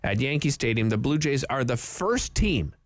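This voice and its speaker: A man's voice: medium pitch, sing-song, normal speed, dry recording. A man hosting an open-line radio talk show, chatty and rambling, from Canada, with frequent restarts.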